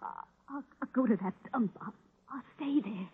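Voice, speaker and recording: A woman's voice: on the high side, normal speed, husky. A woman playing a flighty, gold-digging young nightclub woman in 1940s radio acting, coy and wheedling. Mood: terrified. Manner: coy and wheedling, turning to stammering terror. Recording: tinny old radio broadcast.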